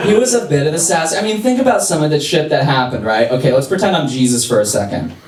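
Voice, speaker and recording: A young man from Los Angeles doing a sassy, animated stand-up comedy set on a club stage, with an audience laughing. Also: fairly high pitch, fast talker, recorded from a distance. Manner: sassy, animated, mocking impressions. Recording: echoey club recorded from afar.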